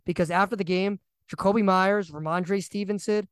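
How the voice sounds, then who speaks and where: Ranting young man, slightly high, dry sound. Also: moderate pace, smooth, no room sound. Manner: animated, ranting, repeats himself. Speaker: podcast co-host. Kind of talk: casual sports chat.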